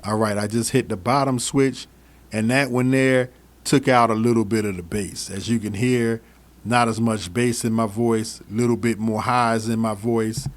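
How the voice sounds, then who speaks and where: A man's voice: on the low side, normal speed. A man casually reviewing microphones he switches between, repeating himself and speaking straight to his viewers. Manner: relaxed, repeats phrases, talks straight to viewers. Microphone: studio microphones he switches between.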